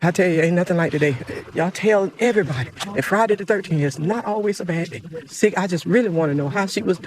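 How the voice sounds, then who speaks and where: A woman's voice: lowish voice, quick pace, a little mellow. An older grandmother, out of breath and joyfully thanking God over and over.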